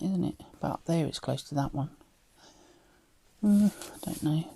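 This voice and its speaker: Low gravelly woman with light Cockney twang. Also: a little slow, warm tone. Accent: light Cockney-tinged London. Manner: chatty, muttering to herself while working, often drops to a whisper. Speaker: craft vlogger. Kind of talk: casual crafting commentary.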